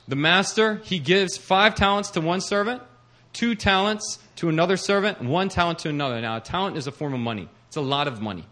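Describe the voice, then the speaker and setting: Fervent preaching man, high-ish voice. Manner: swings from hushed to fervent, builds to urgent preaching. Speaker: pastor. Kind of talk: sermon.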